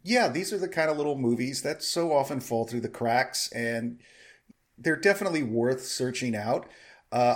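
Measured man reviewing films. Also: medium pitch. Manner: measured, thoughtful, frequent restarts. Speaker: film review podcast co-host. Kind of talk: casual film review chat.

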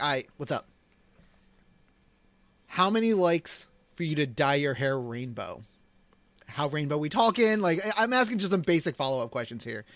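Male podcast co-host, rambling storyteller, fairly high voice, dry sound. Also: a bit bright, no echo. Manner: rambling, hedging with many fillers. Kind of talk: casual chat, storytelling.

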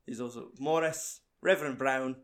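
A young man hosts a relaxed film chat, swearing freely and joking with his mate. His voice sits at an ordinary middle pitch. He reads the cast list off in an easy, conversational way. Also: moderate pace. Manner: sweary, banter-filled. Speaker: podcast host.

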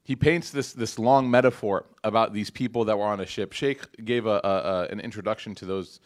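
A man's voice: fairly low pitch, steady tone, a little fast. A man giving a casual religious lecture to a live audience in a mosque hall, talking conversationally with many fillers and restarts. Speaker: Islamic lecturer.

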